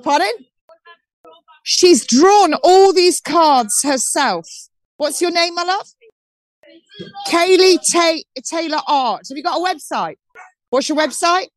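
This woman's voice is very high-pitched and animated; she takes it slowly and pauses often. A southern English guest on a live call-in show, she chats on the phone while touring an outdoor market, full of restarts, with no echo.

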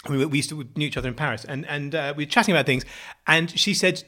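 A middle-aged British man chatting casually as a podcast co-host, animated and jokey, swearing freely. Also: a little high, brisk. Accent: British English. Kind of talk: casual chat.

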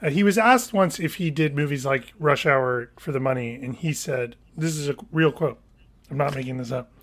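A man's voice: medium pitch, moderate pace. A man co-hosting a podcast in casual chat, chiming in with dry, teasing jokes. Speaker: podcast co-host. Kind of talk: casual movie-recap chat.

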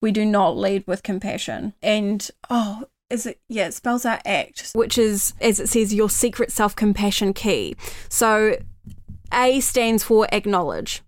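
A woman's voice: mid-range voice, a little slow. A young woman with a New Zealand accent, talking earnestly in a casual conversation. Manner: earnest, softens her voice when voicing kind self-talk. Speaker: guest.

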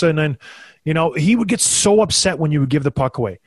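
A man in his thirties tells stories in a loose, animated chat, jumping up in pitch when he acts out what others said. His voice sits a bit high for a man. The sound is close and dry, with no room around it. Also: fairly quick, no echo. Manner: animated, acts out quotes in a raised voice. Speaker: former hockey player, podcast co-host. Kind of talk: casual storytelling chat.

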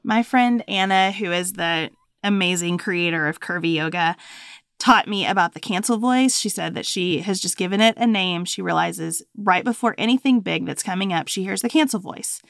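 A woman's voice: on the low side, normal speed, vocal fry, a bit bright, no room sound, studio quality. A woman co-hosting a podcast, chatting casually and telling stories in a conversational way. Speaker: podcast co-host. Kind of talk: casual chat.

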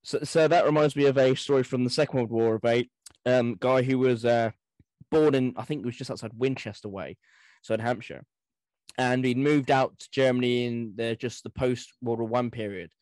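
A man's voice: mid-range voice, normal speed, no room sound. A man with a mid-range voice, co-hosting a history podcast. He tells anecdotes in an easygoing way, with plenty of ums and sort-ofs. The recording is dry and close. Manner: relaxed anecdotal storytelling with fillers. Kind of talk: casual conversation.

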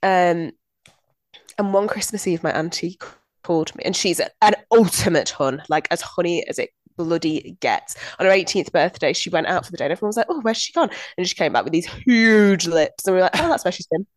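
A woman co-hosting a podcast, telling lively anecdotes in casual chat and laughing often. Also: lowish voice, fairly quick, no echo. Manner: chatty, animated anecdotes with frequent laughter. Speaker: podcast co-host.

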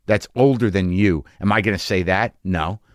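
A man's voice: low voice, moderate pace, no room sound, studio quality. A man in his late forties hosting a podcast, telling a rambling, self-mocking comic story and then chatting with a guest. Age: late 40s. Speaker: podcast host. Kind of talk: comic monologue and interview. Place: home studio.

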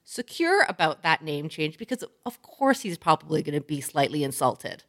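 Lady co-host chatting frank advice, kinda low voice, laughs a lot, swears. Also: moderate pace. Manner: animated, laughs often, frank and profane. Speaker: podcast co-host. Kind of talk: casual advice chat.

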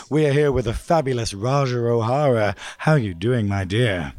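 A man's voice: mid-range voice, moderate pace, few pauses, a little mellow, faint music behind. A man co-hosting a podcast and interviewing a guest, playful and bubbly. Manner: playful, bubbly, laughs often. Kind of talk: casual podcast chat.

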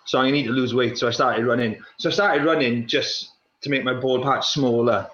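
A man's voice: mid-range voice, moderate pace, fairly bright tone, a little hiss or hum. A man with a South Wales Valleys accent, a guest who tells long, rambling comic stories in casual podcast chat. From Welsh valleys. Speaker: guest, former pro runner. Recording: echoey, dull room sound.

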